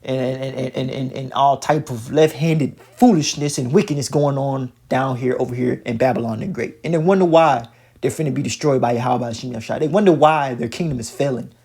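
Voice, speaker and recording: A man's voice: medium pitch, brisk, darkish tone, slightly rough. A man giving profane, preachy religious commentary while reacting to a video, talking emphatically with many stammered restarts.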